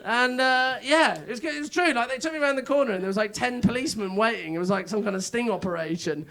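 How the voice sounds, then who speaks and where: A man's voice: very high-pitched, quick pace, a bit bright. A stand-up comedian, a man, telling rambling, self-mocking stories on a club stage. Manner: rambling, self-mocking storytelling with frequent laughs. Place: comedy club stage before a live audience. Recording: live room with crowd laughter. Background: audience laughter.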